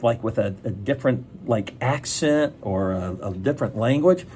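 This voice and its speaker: A man voicing a friendly male alien from another planet from a picture book, gentle and giving advice. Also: medium pitch, lively intonation, normal speed, slight background noise, voice pushed down, natural voice. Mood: advising.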